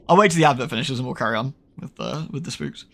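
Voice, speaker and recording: A British man from the United Kingdom, with a gravelly, mid-range voice at normal speed, streams a horror game. He chats casually with viewers, rambling and swearing, correcting himself and laughing a lot.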